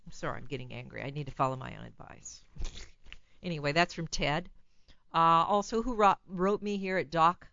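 A woman hosting a call-in radio show as a psychologist, giving blunt, animated advice and laughing at her own remarks. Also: low voice, normal speed, vocal fry, muffled recording.

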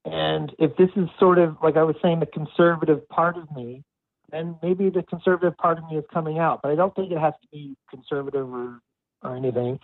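A man speaking as a client in a counseling conversation, halting and reflective as he talks about himself. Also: fairly high pitch, fairly even intonation, no room sound. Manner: hesitant, halting, self-reflective. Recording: dry tinny phone line.

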